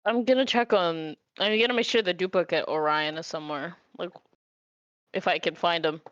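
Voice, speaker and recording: A woman's voice: on the low side, steady tone, moderate pace, a bit bright, no room sound. A woman playing in a tabletop game, talking casually and changing her mind as she goes. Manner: casual, indecisive, self-correcting. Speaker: player. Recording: dull lo-fi mic.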